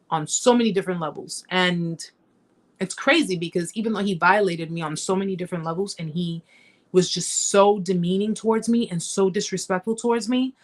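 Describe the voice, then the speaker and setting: Middle-aged lady hosting a live chat, super emphatic, keeps repeating stuff and calling everyone guys. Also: on the low side. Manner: emphatic and repetitive, often addressing viewers as guys. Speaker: host of a survivor support live chat. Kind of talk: emotional live-stream storytelling.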